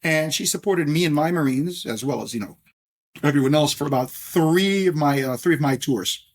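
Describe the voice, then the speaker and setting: A middle-aged New York man who owns a scotch brand talks in a podcast interview. His voice is fairly high and moderately paced, and he's animated, with many fillers and restarts.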